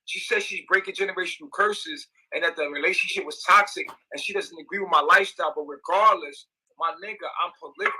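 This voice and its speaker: A young man rants on a livestream, repeating himself and swearing hard. His voice sits high and very bright, with a husky, breathy edge. He pleads and accuses by turns, pressing every point with emphasis. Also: fast, hardly any pauses, poor audio. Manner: agitated, repetitive, profane, emphatic. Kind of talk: ranting livestream monologue.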